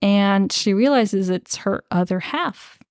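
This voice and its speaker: A woman's voice: mid-range voice, slow pace, clean tone, dry recording, clean studio sound. A young woman co-hosting a podcast, recapping a book in casual chat, full of filler words and swearing. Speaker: podcast co-host.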